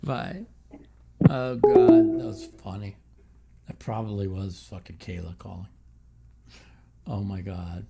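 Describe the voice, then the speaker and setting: A man's voice: lowish voice, steady tone, takes it slowly, vocal fry, long pauses, over loud music. A man hosting a casual call-in show, blunt and profane, often breaking into laughter.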